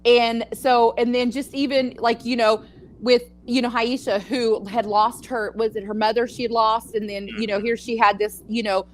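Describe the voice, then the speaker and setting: A woman's voice: fairly high pitch, little pitch movement, normal speed, slight background noise. Chatty Texas-accented grandmother. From California. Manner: chatty, rambling, laughs easily. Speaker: podcast co-host. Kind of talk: casual chat.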